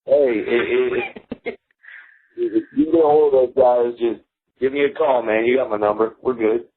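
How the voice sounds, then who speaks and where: A man's voice: medium pitch, fairly even intonation, unhurried, breathy edge. A man being interviewed as a guest comedian, telling jokey stories and laughing at them. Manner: joking, laughs at his own stories. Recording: tinny phone-like radio audio.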